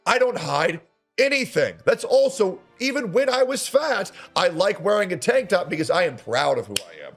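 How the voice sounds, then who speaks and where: A man's voice: high-pitched, big pitch swings, normal speed, soft background music. A man streamer giving a ranting reaction commentary, sarcastic and indignant, swearing often.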